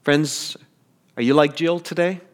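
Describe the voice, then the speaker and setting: A man preaching a sermon as pastor, earnest and deliberate, with stammered restarts. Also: a little high, steady tone.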